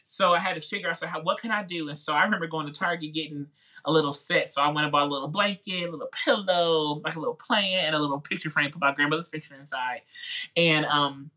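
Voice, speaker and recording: A music YouTuber with a Midwestern twang tells his story as a podcast guest, talking fast in a high, sharp voice. Chatty and informal, he leans on "like" and "you know" and acts out quoted voices.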